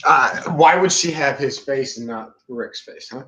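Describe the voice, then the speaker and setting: A man's voice: mid-range voice, unhurried, bright, forceful tone, dull audio. A man co-hosting a wrestling review, stubbornly arguing his points in casual chat. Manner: stubborn, argumentative.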